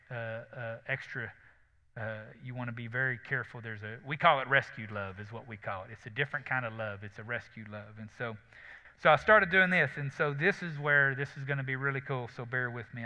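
A pastor in his thirties preaches in a loose, chatty way, talking straight to the congregation. His voice is very bright and forceful. It rings through a church hall with long reverb, heard through somewhat dull, lo-fi sound. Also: medium pitch. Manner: conversational, folksy preaching with asides to the congregation. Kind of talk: sermon. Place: church sanctuary.

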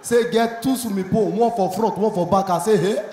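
A man with a Nigerian accent performing stand-up, acting out both sides of a story in Pidgin and rising to shouts at the punchlines. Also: high-pitched, steady tone, moderate pace. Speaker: stand-up comedian. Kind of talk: stand-up comedy routine. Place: comedy club stage with a live audience. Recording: echoey live venue, faint crowd noise.

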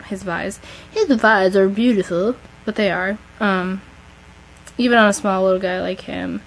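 A woman's voice: medium pitch, creaky, slight background noise, low-quality recording. A teenage girl giving a chatty, gushing tour of her model horse collection, talking to her camera as she films. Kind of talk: casual collection tour vlog.

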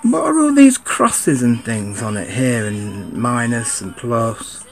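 A man's voice: mid-range voice, sing-song, slow pace, vocal fry, faint music behind. A man giving a casual, rambling unboxing chat, grumbling and swearing at his camera. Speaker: sneaker vlogger.

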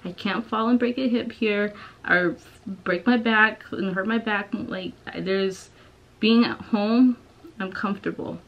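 A woman's voice: medium pitch, measured pace, lo-fi sound. A young woman vlogging from home, talking in a hesitant, rambling way with many restarts. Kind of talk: personal confessional vlog.

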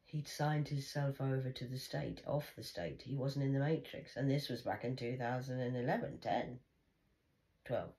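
An older woman speaks in a very deep, low voice, often dropping to a bitter mutter. She talks bluntly in a long confessional monologue, as if to herself. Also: normal speed, dark tone, low-quality recording.

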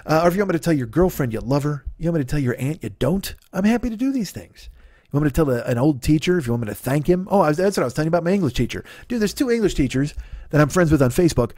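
Animated, profane man in his fifties. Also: fairly high pitch, racing, no echo. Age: 50s. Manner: profane, rambling, sarcastic rant. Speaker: comedian podcast host. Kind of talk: solo comedic monologue.

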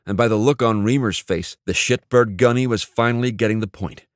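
Brief: male audiobook narrator, low voice, dry close sound, measured. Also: dry recording.

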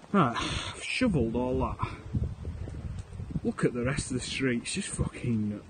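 A man giving a jokey, sweary running commentary to his dog while he builds a snowman outside on a snowy street. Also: mid-range voice. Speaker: podcast co-host. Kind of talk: casual vlog. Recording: outdoor camera audio with ambient noise. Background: outdoor ambience and a barking dog.

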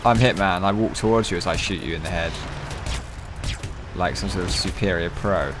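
A man giving profane, excitable, joking let's-play commentary. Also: sits low, moderate pace, noisy background. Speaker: gaming channel host.

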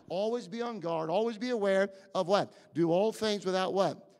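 A male pastor preaching a sermon, emphatic and questioning the congregation, with many fillers and restarts, rising to near shouts. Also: high voice, moderate pace. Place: church sanctuary. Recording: long reverb of a church hall.

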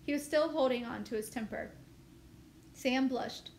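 A woman teacher reading a novel aloud with steady, expressive storytelling. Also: high voice, normal speed, gravelly. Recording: echoey room, faint noise.

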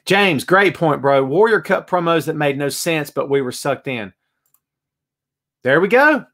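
A man hosting a wrestling talk show, ranting in an animated, excitable way and answering chat messages. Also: fairly high pitch, moderate pace. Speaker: wrestling podcast host. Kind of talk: live show, reading chat comments.

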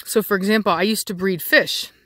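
A woman's voice: mid-range voice, steady tone, brisk, a bit bright, no echo. A woman dog breeder talking casually outdoors, rambling with many fillers and restarts. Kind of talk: casual outdoor vlog chat. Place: outdoors in a yard with dogs.

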